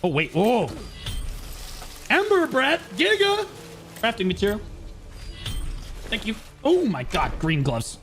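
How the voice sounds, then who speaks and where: High-pitched excitable male streamer. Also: slow pace, gravelly, pauses often, soft background music. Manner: excitable, swings between shouting trash talk and muttering. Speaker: streamer playing an online game. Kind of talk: live gameplay commentary.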